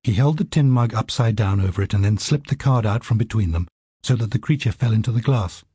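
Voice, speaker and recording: A man narrating an audiobook in a steady, vivid storytelling manner. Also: on the low side, fairly quick, breathy edge, dry recording, clean studio sound.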